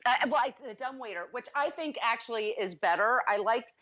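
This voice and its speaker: A woman's voice: on the high side, expressive, fairly quick, a bit bright, highs cut off. A woman co-hosting a casual film review chat, retelling plot scenes at length. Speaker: podcast co-host.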